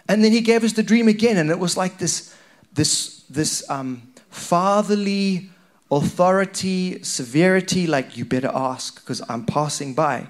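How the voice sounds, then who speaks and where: A man preaching a conversational, animated sermon to a church congregation. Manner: animated, conversational, rising in pitch when stirred.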